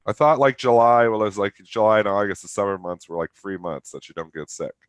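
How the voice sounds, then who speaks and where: A man's voice: on the low side, brisk, smooth, dry recording, studio quality. A man in his thirties with a nasal, stuffed-up voice from a cold, co-hosting a live market show in casual, rambling trader talk. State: congested with a cold. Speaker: trading show co-host.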